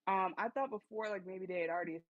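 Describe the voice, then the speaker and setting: A woman's voice: medium pitch, quick pace, crowd noise. A woman co-hosting a podcast, chatting casually and emphatically about a TV episode. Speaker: podcast co-host. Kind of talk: casual TV recap chat. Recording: slightly dull dry recording.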